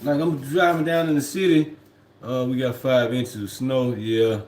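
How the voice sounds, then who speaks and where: A man's voice: medium pitch, steady tone, moderate pace, a little mellow, a little hiss or hum. Rambling man on a livestream, roomy sound. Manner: rambling, reflective, repeats "you know what I mean". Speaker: truck driver livestreaming. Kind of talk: casual livestream talk. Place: at home, indoors.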